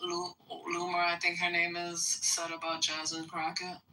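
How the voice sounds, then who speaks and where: A woman hosting a panel stream, unhurried and moving the talk along. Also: fairly low pitch, completely flat delivery, sharp tone, far from the mic, slight background noise, rough recording. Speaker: host.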